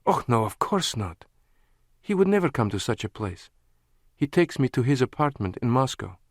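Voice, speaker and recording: A male audiobook narrator voicing a passionate, sarcastic young Russian woman, raising his voice high for her. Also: very animated, moderate pace, dry recording, clean studio sound. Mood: indignant.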